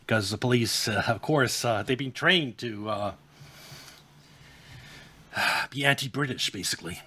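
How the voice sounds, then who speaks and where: Man giving halting political commentary. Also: mid-range voice, bright, forceful tone, breathy edge. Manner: measured, halting with fillers. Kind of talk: opinionated commentary.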